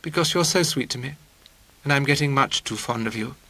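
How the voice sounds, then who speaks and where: A man's voice: medium pitch, fairly quick, sharp tone. A man voicing a fussy, clinging young woman who talks in an affected, gushing way. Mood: earnest.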